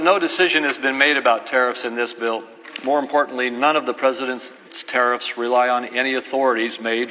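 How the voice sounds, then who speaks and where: A man senator makes a businesslike floor speech against a motion. His mid-range voice is bright and forceful. The chamber adds a long reverb, and faint clicks sit underneath. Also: mid-range voice, slight background noise. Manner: businesslike, with a brief self-deprecating laugh. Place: large legislative chamber.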